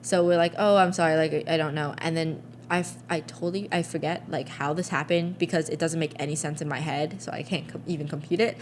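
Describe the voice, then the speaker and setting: Young woman, lowish voice, rambling podcast chat, lots of um and like, faint hum. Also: fairly even intonation, a little fast, hardly any pauses. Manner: rambling storyteller, many fillers and restarts. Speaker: podcast co-host. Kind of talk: casual chat.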